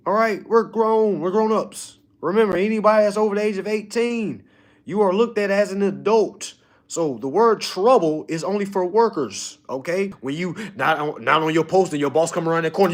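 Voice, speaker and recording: A man with a slightly high voice teaching his students in a loose, motivational style. He is emphatic and preachy, checking in with "all right?" after nearly every point. He drops to a low mutter, then rises into loud, pushing exhortation. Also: animated, a little fast. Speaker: online course teacher. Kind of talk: casual motivational lecture.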